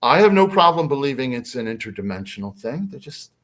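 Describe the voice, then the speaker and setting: Brief: male podcast guest, casual storyteller, lively swooping intonation. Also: mid-range voice, a little fast. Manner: animated, acts out quotes.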